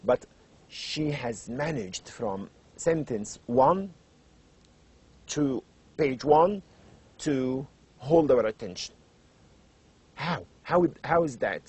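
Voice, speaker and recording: A middle-aged man with an Arabic accent gives a university lecture in English. His voice is husky and sits at an ordinary pitch. He keeps it lively, throwing out rhetorical questions and swinging between raised and lowered volume. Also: extremely slow, long pauses. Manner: animated, varies tone and loudness for emphasis, asks rhetorical questions.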